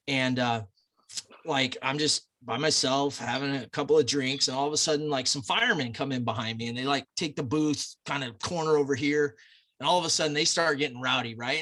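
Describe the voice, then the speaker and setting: A man's voice: medium pitch, sharp tone. A man, a podcast guest from the United States, telling a long rambling anecdote in casual chat, loose and full of fillers.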